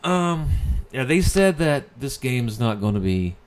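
A man chatting casually about video games, relaxed and trailing off, correcting himself as he goes. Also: mid-range voice, unhurried. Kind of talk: casual gaming chat.

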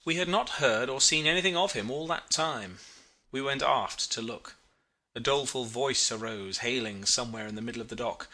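Bright-voiced man reading a story. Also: mid-range voice, normal speed. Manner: expressive, reflective reading. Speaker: narrator. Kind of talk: audiobook reading of a literary story.

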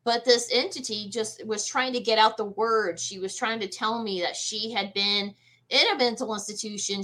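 Bright-voiced woman telling a ghost story. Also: medium pitch. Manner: animated, frequent fillers and restarts. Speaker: guest medium. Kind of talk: casual storytelling interview.

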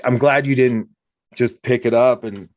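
A man's voice: medium pitch, measured pace, no room sound, studio quality. A man talking casually as host, telling stories and acting out what people said. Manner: animated storyteller, acts out quotes. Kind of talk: casual conversation.

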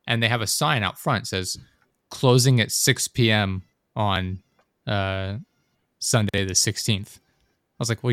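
A young adult man recounts his day in a loose, rambling podcast chat, peppered with fillers and swearing. His voice sits fairly low. The sound is dry and close, with no room echo. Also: a bit bright, smooth. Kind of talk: casual chat.

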